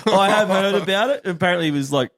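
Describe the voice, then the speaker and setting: An Australian man co-hosting a podcast, tossing in crude wisecracks and quick one-liners. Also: sits high, a bit bright. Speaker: podcast co-host. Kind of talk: crude casual banter.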